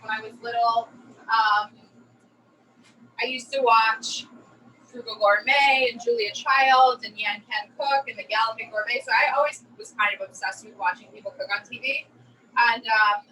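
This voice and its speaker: A woman chef from New Jersey in her thirties, telling a story in a chatty, animated way during a virtual cooking class. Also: a little high, recorded from a distance, slight background noise, rough recording.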